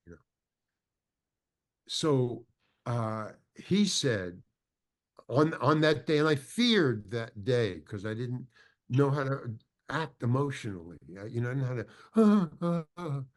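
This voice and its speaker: A man's voice: mid-range voice, animated, measured pace, long pauses. Older male guest, meandering anecdote, keeps restarting and acting out the dialogue. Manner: rambling, full of restarts, acts out quoted dialogue. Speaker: interview guest, actor. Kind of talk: anecdotal storytelling in an interview.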